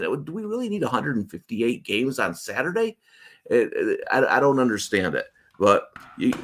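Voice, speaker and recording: A man with a fairly low voice hosts a betting show over a video call. He talks in a loose, rambling way, often restarting his sentences as he goes over the games. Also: a bit bright. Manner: chatty, rambling, frequent restarts. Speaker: sports betting show host. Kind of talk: casual betting talk on a livestream.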